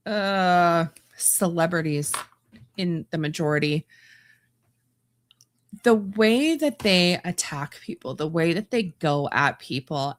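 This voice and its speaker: This is a woman podcast host from Canada who talks alone in a blunt, exasperated way. She often stumbles and restarts her sentences. She speaks in a slightly lower register than most women. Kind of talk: opinionated solo commentary.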